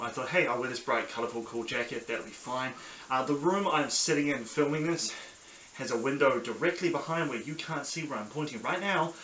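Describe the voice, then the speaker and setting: A man's voice: fairly high pitch, pushed and bright. A young man with a New Zealand accent hosting a casual solo review show, rambling enthusiastically with lots of ums and restarts. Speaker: podcast host. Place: small sunny room at home. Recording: echoey room with faint background hiss.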